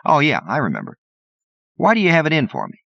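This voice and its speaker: A man voicing a brash, quick-tongued male bartender and gambler who talks back, in a cocky, argumentative way, on a dull, lo-fi audiobook recording. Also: on the high side, wildly swooping pitch, gravelly, fairly bright tone, no room sound, pitched above the performer's own voice, exaggerated voice.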